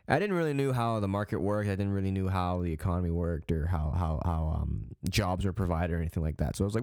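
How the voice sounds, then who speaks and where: A man's voice: on the low side, fast talker, darkish tone, no room sound, studio quality. A young man in his late teens from Canada, hosting a podcast and telling a story in a casual, rambling way, with frequent swearing, restarts and fillers. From Calgary, Canada. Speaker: podcast host.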